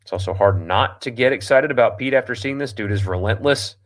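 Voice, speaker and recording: A man hosts a sports talk show in a somewhat low voice. He reads listener comments aloud and shoots them down bluntly, stumbling through ums and restarts as he goes. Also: a little fast. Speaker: sports radio host. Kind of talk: casual chat reading listener comments.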